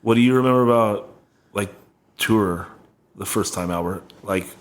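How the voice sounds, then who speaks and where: A man's voice: lowish voice, moderate pace. A man hosting a podcast in a laid-back, jokey way, swearing casually as he chats and tells stories. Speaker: podcast host. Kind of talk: casual chat.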